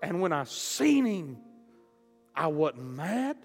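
Preacher, high voice, impassioned storytelling sermon in a reverberant hall over soft music. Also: male voice, very animated, slow pace. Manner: impassioned, surging from quiet to loud. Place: church auditorium.

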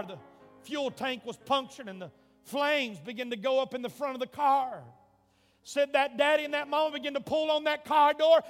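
A male preacher telling a story in a revival sermon, dramatic, swinging from hushed tones to shouts. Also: extremely high pitch, normal speed. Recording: long hall reverb, faint music.

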